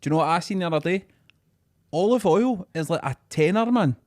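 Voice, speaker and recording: A man's voice: sits high, expressive, fairly quick, darkish tone, dry recording, studio quality. A man with a Glaswegian accent, co-hosting a podcast in laid-back, wry and sweary casual banter. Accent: Scottish, Glaswegian. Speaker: podcast co-host.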